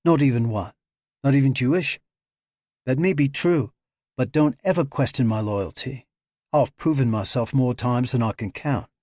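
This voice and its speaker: A man voicing a confident young woman hacker who answers with defiant, quick comebacks, his pitch lifted. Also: a little mellow, no room sound, clean studio sound, close to an everyday voice.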